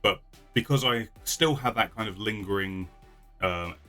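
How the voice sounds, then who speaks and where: Low bright-voiced chatty man. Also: measured pace, soft background music. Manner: chatty, rambling with frequent restarts and laughs. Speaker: vlogger. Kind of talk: casual chat.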